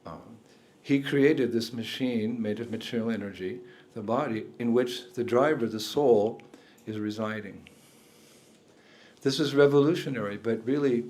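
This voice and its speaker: A man's voice: medium pitch, darkish tone. An older man, a spiritual teacher, giving a talk indoors to a room of listeners, chuckling often and asking them questions.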